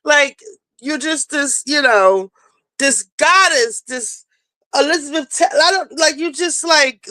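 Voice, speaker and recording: Female host, high voice, dry close sound, blunt and profane, casual commentary. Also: no room sound, rough recording. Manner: blunt, profane, fast-talking, animated. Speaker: show host. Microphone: home streaming setup.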